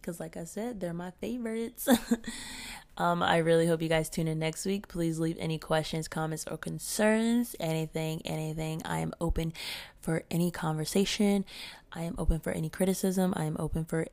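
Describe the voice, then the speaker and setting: A woman's voice: lowish voice, normal speed, gravelly, a little mellow. A woman hosting her own solo podcast, talking in a blunt, profane and fired-up way. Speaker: podcast host.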